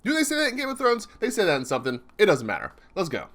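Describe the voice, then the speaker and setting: A young man excitedly commenting live as he reads a comic chapter, chatty and laughing often. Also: high-pitched, rapid-fire. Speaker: streamer reacting to a manga chapter.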